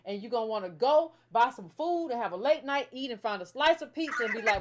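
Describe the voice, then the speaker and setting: An American woman hosts a casual commentary show, her voice high and her delivery quick. She talks in an animated, emphatic way, circling back and restarting as she builds her point. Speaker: host.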